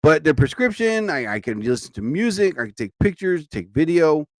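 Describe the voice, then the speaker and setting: A man's voice: a little high, big pitch swings, normal speed, dry recording. A tired man hosting a live show, chatting casually and rambling, with frequent exclamations. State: sleepy, tired. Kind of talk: casual live-stream chat. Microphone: studio mic.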